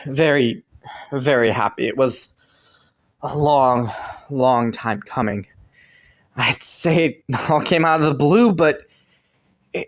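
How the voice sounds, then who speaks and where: A man voicing Killua as a devoted young boyfriend in a romantic listener role-play audio, talking softly with many sighs and little laughs. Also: on the high side. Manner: soft, sighing, breathy little laughs. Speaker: voice actor.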